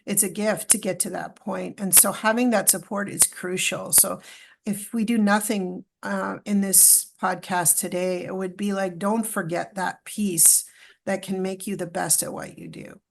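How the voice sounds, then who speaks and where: A middle-aged Canadian woman tells her story as a podcast guest, with a gravelly, fry-tinged voice at an ordinary pitch. She gets animated and emotional and acts out what people said. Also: a little slow, a little hiss or hum. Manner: animated, acts out quoted dialogue, emotional retelling. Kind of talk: storytelling in a casual interview.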